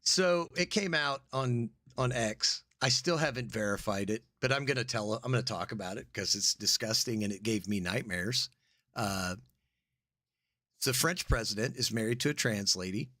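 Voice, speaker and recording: A man's voice: fairly low pitch, normal speed, bright, forceful tone, dry recording, studio quality. An American man co-hosting a podcast in casual chat, joking crudely and riffing. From United States. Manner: joking, crude, mocks accents and puts on voices. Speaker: podcast co-host.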